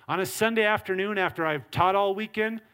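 A man's voice: high voice, a little fast, sharp tone, clear, resonant tone. A middle-aged male pastor preaching a sermon, earnest and emphatic. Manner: earnest preaching with acted quotes and varied emphasis.

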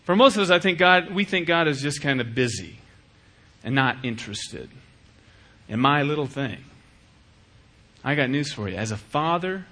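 A middle-aged man preaching a sermon as pastor, acting out little dialogues in an animated way. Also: a little high, normal speed. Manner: animated, acts out dialogues with shifting voice.

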